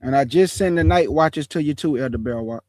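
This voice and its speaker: A man hosting an online show, chatting casually about scripture in relaxed slang and calling his viewers family. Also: fairly high pitch, brisk, no echo. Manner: laughs often while telling stories. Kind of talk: casual livestream chat on scripture.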